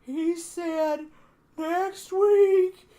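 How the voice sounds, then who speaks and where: An eerie wailing old manager. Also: male voice, extremely high pitch, fairly even intonation, warm tone, voice pushed up, exaggerated voice. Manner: slow, wailing, drawn-out.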